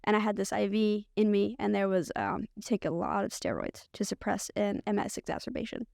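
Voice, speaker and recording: A woman's voice: mid-range voice, steady tone, a little fast, gravelly, a little mellow, no echo, clean studio sound. A woman, a podcast guest, telling her own story candidly and loosely, with a lot of "like" fillers. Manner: candid, rambling, frequent "like" fillers. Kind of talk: personal storytelling.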